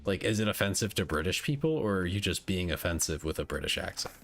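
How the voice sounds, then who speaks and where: Deep-voiced man casually streaming. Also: very animated, quick pace, vocal fry, fairly bright tone. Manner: rambling, stop-start, reading chat aloud. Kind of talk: casual live-stream chat with viewers. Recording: faint music behind.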